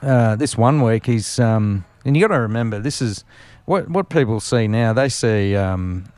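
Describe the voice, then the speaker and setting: Brief: man, podcast guest, lower voice, rambling casual racing anecdotes full of ums. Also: lively intonation, normal speed, darkish tone, dry recording. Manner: rambling anecdotes with many fillers and restarts. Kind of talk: casual storytelling interview.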